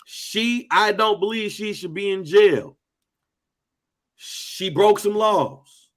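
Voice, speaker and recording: A man with an American accent chatting casually on a podcast, slangy and animated, acting out quotes in voices. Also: sits high, takes it slowly. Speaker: podcast co-host.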